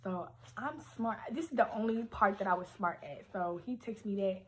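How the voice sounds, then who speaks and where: A young woman telling a story from her teens on a casual livestream, animated, slangy and full of profanity. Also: mid-range voice, moderate pace, slight background noise.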